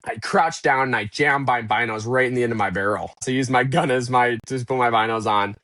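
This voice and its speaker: Man telling a story with animated energy. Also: medium pitch, brisk, dry recording. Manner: animated, acts out his own past thoughts in quotes. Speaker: podcast guest. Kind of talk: casual storytelling interview.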